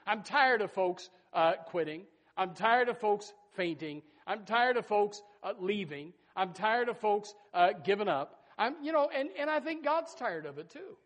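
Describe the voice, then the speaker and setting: A man preaching a sermon as pastor, emphatic and folksy, swinging between loud bursts and soft asides and repeating his phrases. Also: sits high, sing-song, moderate pace. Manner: folksy, addresses listeners as folks and says amen.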